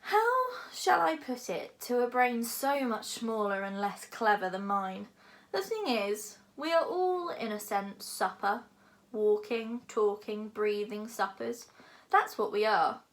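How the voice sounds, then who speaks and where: A woman's voice: on the high side, animated, slow. A woman voicing a huge cheerful male dragon, philosophical and menacing, with a genial, pompous manner. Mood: lecturing.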